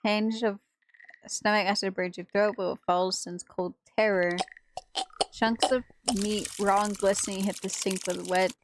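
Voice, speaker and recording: A woman's voice: mid-range voice, steady tone, measured pace, noisy background. A woman reading a horror visual novel aloud for a gaming video, with dramatic narration and reactions.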